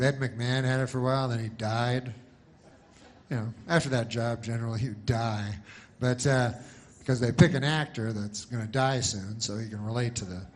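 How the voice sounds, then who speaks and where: A man doing stand-up in a flat, deadpan ramble that wanders through digressions and hesitations. His voice sits in an ordinary middle pitch. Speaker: stand-up comedian. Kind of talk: stand-up comedy.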